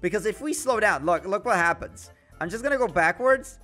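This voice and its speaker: A young man giving jokey, excitable gameplay commentary with dramatic outbursts. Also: high voice, fairly quick. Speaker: gaming YouTuber. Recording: faint music behind.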